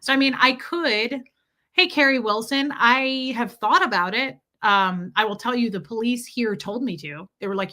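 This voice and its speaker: A woman's voice: a little high, normal speed, pushed and bright. A woman hosting a casual live stream, rambling through a personal story and greeting viewers by name as their chat comes in. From lives in Tennessee.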